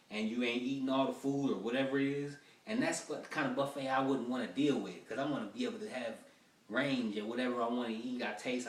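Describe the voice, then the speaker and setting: Casting: male comic, mid-pitched, rough-draft stand-up, heard off-mic in an echoey room. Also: far from the mic. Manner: loose, rambling, acts out quoted voices. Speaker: stand-up comedian.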